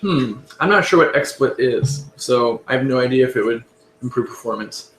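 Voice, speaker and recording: A man answers viewer questions on a casual live stream, relaxed and rambling, often circling back to fix what he just said. His voice sits in a middle range. The room around him adds a noticeable echo. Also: mid-range voice, normal speed, a little hiss or hum. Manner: relaxed, rambling, self-correcting.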